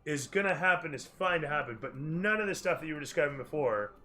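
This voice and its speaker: Bright-voiced male game master. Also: a little high, animated, fast, faint music behind. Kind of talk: narrating a tabletop game.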